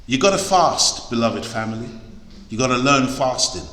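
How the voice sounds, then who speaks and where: A man's voice: medium pitch, lively intonation, normal speed, a bit bright. A man preaching a sermon to a congregation, emphatic and exhorting, repeating key words for stress. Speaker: preacher, lecturer. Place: large echoey hall. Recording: echoey hall with long reverb.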